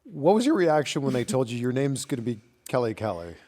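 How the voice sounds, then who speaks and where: A man's voice: mid-range voice, big pitch swings, brisk, dark tone. Playful male interview host. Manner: playful, teasing questions. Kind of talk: casual interview.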